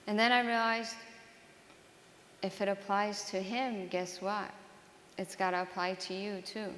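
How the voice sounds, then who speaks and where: A woman's voice: medium pitch, little pitch movement, a bit bright, a little hiss or hum. Woman sharing her story, earnest, stops and restarts a lot, big echoey hall. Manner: earnest, halting, with repeated restarts. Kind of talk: personal testimony talk to an audience. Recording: roomy hall with long reverb.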